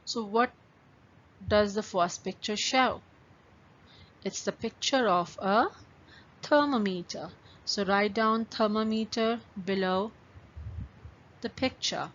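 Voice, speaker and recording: A woman's voice: mid-range voice, slow pace, long pauses, a bit bright. A woman teaching a class of young pupils, patiently stretching out words syllable by syllable and giving step-by-step instructions. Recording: dull lo-fi recording with faint ambient noise.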